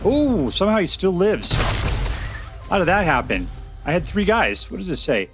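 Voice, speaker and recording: A man giving casual, chatty commentary on a card game he is playing, thinking out loud with restarts and bursts of excitement. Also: high-pitched, moderate pace, over music. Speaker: game streamer. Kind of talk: casual gameplay commentary and deck review.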